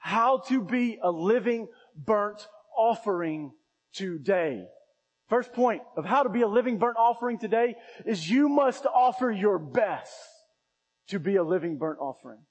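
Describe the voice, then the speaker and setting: A man preaching a sermon as pastor, impassioned, swinging between loud emphatic runs and quiet low asides. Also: in a large hall, low-quality recording. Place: church sanctuary.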